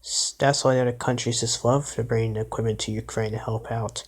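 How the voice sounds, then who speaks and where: A man's voice: mid-range voice, fairly even intonation, a little fast, husky. A man vlogging his reactions to a news clip, exclaiming and talking back at it indignantly. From Canada. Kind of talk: casual reaction commentary.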